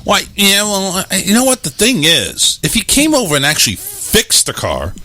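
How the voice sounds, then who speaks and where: Lively, bright-voiced male talk show host. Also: high-pitched, normal speed. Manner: blunt, swears freely, easily irritated. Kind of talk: casual live-streamed chat. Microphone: new microphone.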